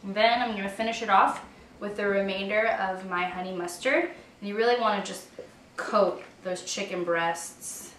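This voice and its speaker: A woman's voice: medium pitch, steady tone, normal speed, fairly bright tone, slight background noise. Chatty young woman in a roomy kitchen. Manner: chatty, upbeat and self-joking. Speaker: home cook. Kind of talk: cooking demonstration. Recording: roomy kitchen audio from a distance with faint guitar music.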